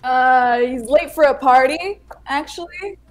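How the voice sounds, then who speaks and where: A woman's voice: sits high, unhurried. A woman playing a tabletop game, joking and offhand. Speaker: player. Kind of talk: casual game chat.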